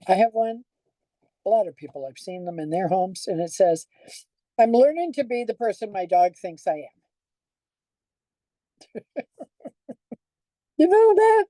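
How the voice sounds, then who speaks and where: A woman's voice: medium pitch, lively intonation, moderate pace, long pauses, warm tone, no echo, rough recording. An older woman pastor giving a conversational sermon, telling stories and asking the congregation questions.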